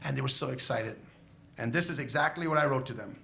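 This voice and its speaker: A man's voice: medium pitch, fast talker, vocal fry, bright, forceful tone, slight background noise. A man who is a school educator, giving a graduation speech in an emphatic storytelling manner, asking the graduates rhetorical questions.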